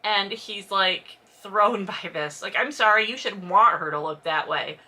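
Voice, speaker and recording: Snarky woman with a very bright voice. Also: medium pitch, unhurried, slightly rough. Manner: snarky, exasperated asides. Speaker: host reading a novel aloud. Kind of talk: sarcastic read-along commentary.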